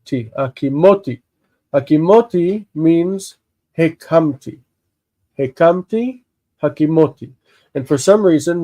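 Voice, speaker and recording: A man with congested sinuses, slowly explaining a Bible text in a live lesson, halting and thinking aloud with many fillers. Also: a little high, mellow, no echo, poor audio. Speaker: Hebrew teacher.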